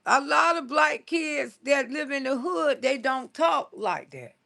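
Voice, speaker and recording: A woman in her late sixties talks to her live-stream viewers in a high, gravelly voice with a bright, sharp edge. She is blunt and salty, tells stories at a quick clip, laughs often and scolds with relish. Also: animated. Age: 60s. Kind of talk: casual live-stream chat reading viewer comments.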